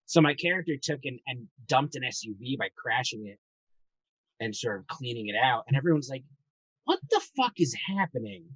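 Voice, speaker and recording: A man's voice: mid-range voice, fairly quick, a bit bright, no room sound, far from the mic, low-quality recording. A man chatting casually about tabletop role-playing, rambling and enthusiastic, swearing freely as he tells stories. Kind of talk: casual chat.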